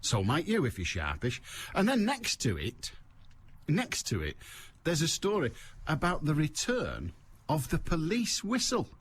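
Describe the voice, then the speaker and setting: A man's voice: fairly high pitch, huge pitch swings, measured pace, husky. A middle-aged man hosting a radio phone-in, chatting wryly and teasing his listeners and callers. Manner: wry, teasing, laughs at his own jokes. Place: radio studio.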